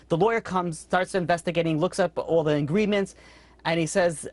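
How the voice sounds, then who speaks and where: Fast-talking rabbi telling a story. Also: male voice, no echo. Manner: quick, conversational, acts out characters with sudden high-pitched outbursts. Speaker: rabbi teaching a weekly class. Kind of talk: storytelling Torah class.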